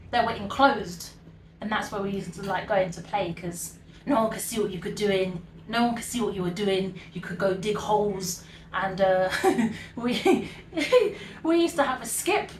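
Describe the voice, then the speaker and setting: A British woman in her thirties hosting a home cooking show, reminiscing in a relaxed, rambling way and laughing often. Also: a little high, far from the mic, slight background noise. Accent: British English. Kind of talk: chatty reminiscing while cooking. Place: home kitchen. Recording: echoey kitchen, mic set back.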